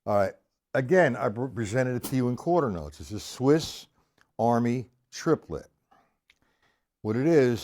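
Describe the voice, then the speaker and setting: Over music and the loud drum kit he is playing, a middle-aged man with a medium-pitched voice and big pitch swings speaks unhurriedly, pausing often. He is teaching drum rudiments on a live stream, counting beats aloud and making chatty asides to viewers.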